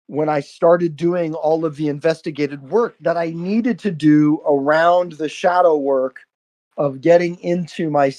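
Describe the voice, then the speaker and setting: A man with a slightly high voice and darkish tone hosts a live stream. His spiritual monologue is earnest yet full of swearing, and he keeps checking in with "right?"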